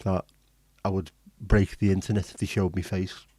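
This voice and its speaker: A man's voice: sits low, flat delivery, moderate pace, mellow, no room sound. A man hosting a livestream, chatting casually, joking and swearing as he reads viewer comments. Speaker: livestream host.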